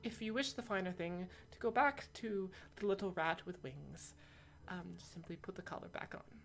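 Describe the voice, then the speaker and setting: A woman voicing a brisk woman shopkeeper who sells birds, businesslike and dryly teasing. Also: lowish voice, gravelly, pitched above the performer's own voice.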